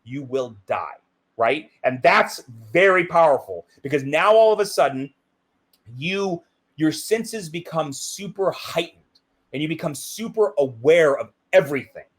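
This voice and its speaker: Middle-aged male interview guest, slightly high voice, intense and emphatic delivery. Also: expressive, unhurried, breathy edge. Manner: intense, emphatic, uses "right?" and "like" often. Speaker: interview guest, BASE jumper. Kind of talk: reflective interview talk.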